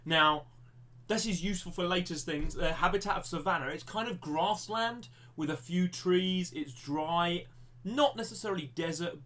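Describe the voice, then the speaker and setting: Chatty male maths teacher, slightly high voice. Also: pushed and bright. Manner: chatty, self-deprecating, thinks aloud with restarts. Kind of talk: live-streamed maths lesson.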